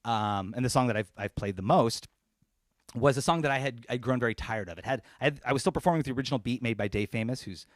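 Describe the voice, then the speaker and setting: At a live-streamed concert in his apartment, a man chats casually between songs, then raps with punchy, rhythmic delivery over a loud hip hop beat. His voice is medium-pitched and quick. The sound is clean and studio-like with no echo.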